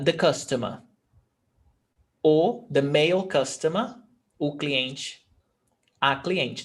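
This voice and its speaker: A man from Brazil teaching a Portuguese lesson, patiently repeating each word for his students. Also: mid-range voice. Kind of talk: language lesson explaining grammar.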